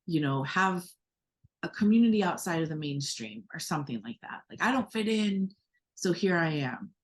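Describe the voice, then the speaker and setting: A lowish-voiced American woman with lively intonation co-hosts a podcast, talking at normal speed in casual conversation. She speaks in a reflective, earnest way, with many fillers and restarts.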